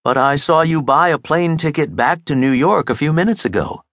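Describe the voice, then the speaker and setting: A man's voice: on the high side, animated, moderate pace, fairly bright tone, dry recording, studio quality, pitched above the performer's own voice. A man voicing a witty amateur sleuth. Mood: curious. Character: American mystery writer and amateur sleuth, witty and curious.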